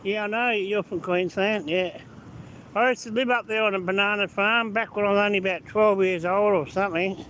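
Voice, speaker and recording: Man, high voice, casual live walk-and-talk vlogger, loud traffic noise behind. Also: fairly even intonation, fairly quick, poor audio. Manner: chatty, answers viewer comments as he walks. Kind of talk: casual live-stream walking commentary. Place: outdoors on city streets. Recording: street noise behind phone audio. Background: traffic and street noise.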